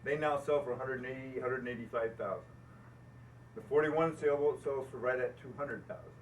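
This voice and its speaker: An older American boat builder speaking at an owners' gathering tells folksy stories about building boats, laughing at himself along the way. His medium-pitched voice is a little fast and sits off the mic, in a rough recording with faint ambience and a bit of hiss or hum.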